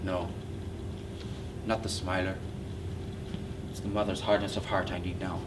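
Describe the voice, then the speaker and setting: Guy doing a brooding bitter man in a stage play, hushed and intense, far mic with hiss. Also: low-pitched, flat delivery, measured pace. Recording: distant mic with noisy hiss.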